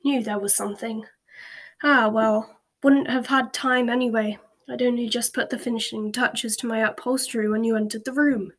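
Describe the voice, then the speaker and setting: A gruff, stout old wizard grumbles his complaints, as a woman puts him on. The voice is pitched fairly high and breathy, with a whispered, hushed delivery. It suits a storybook read aloud softly. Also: steady tone, normal speed.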